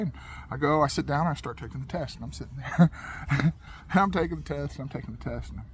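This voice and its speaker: A man's voice: medium pitch, quick pace, slight background noise. A young man casually telling a funny personal story in a rambling, repetitive, laid-back way.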